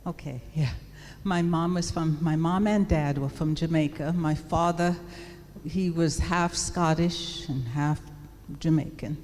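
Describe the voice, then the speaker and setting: A woman's voice: low voice, a little slow, darkish tone. A woman from England telling a church audience about her courtship in a chatty storytelling way, mimicking family voices. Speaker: pastor's wife. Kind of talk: personal testimony to a church audience. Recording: long hall reverb, faint background noise.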